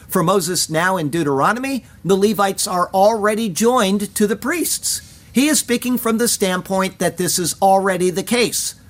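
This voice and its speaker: A man teaching a Bible passage verse by verse, earnest and emphatic, reading Hebrew words aloud. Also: high voice.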